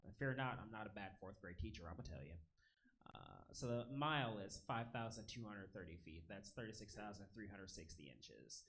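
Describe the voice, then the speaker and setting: Stand-up comedian, man in his thirties, low voice but very lively, bright and forceful on stage mic, faint hiss behind. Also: brisk. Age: 30s. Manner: animated, punchy delivery with shouted punchlines and self-amused laughs. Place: comedy club stage with live audience laughter.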